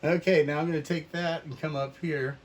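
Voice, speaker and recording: Here the painting teacher's voice sits on the high side and keeps a steady tone over slight background noise. Guiding an oil paint-along, he moves at an unhurried pace and murmurs to himself as he works.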